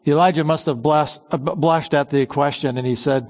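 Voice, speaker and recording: Emphatic preacher in a long-echo church. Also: male voice. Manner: emphatic, slowing on key words and dropping to a low hush at phrase ends. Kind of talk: sermon.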